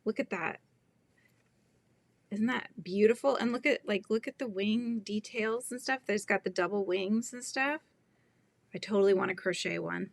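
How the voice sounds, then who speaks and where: A woman's voice: mid-range voice, normal speed, vocal fry, no echo. A middle-aged woman hosting a crochet livestream, chatting casually, giggling and reading the chat aloud.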